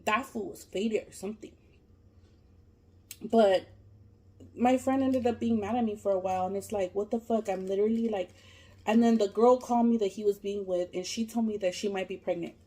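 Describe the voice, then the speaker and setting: A woman vlogger telling a long story while she eats, casual and animated, full of fillers and swearing. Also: mid-range voice, normal speed, slightly rough. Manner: animated, profane, lots of fillers. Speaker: mukbang vlogger.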